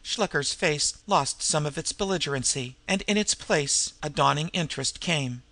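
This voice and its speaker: A man narrating a story as an audiobook, in a steady, measured reading. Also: on the high side, no echo.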